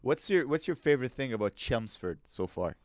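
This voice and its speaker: A man's voice: mid-range voice, fairly quick, no room sound, clean studio sound. A man co-hosting a podcast, teasing and joking with his co-host in casual chat. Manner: teasing, lively.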